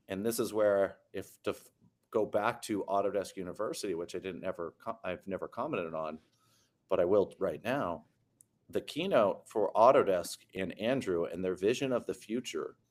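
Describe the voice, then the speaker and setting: Opinionated male co-host, low voice, blunt delivery. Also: normal speed. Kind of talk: casual panel chat.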